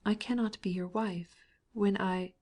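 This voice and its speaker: A woman's voice: medium pitch, fairly even intonation, measured pace, a little mellow. A woman voicing a frightened young wife who speaks in an earnest, hesitant way. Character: guilty, frightened young wife, defiant yet timid.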